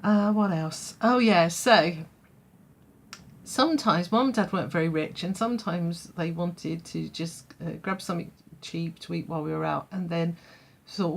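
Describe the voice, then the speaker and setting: A woman's voice: lowish voice, normal speed, gravelly. A woman telling a childhood story in a vlog, chatty, full of fillers and laughing often. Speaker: vlogger.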